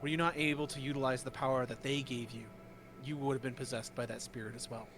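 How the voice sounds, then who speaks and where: A man voicing a calm, wise woman who hears the land's spirits, speaking in a gentle, measured way over a noisy home mic. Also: medium pitch, over music, close to an everyday voice.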